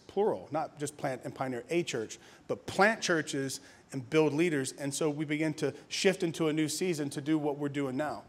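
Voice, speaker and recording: A pastor in his thirties from Louisiana, telling his testimony in a conversational sermon with laughs and restarts. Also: a little high. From Louisiana, USA. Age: 30s. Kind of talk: conference sermon, personal testimony.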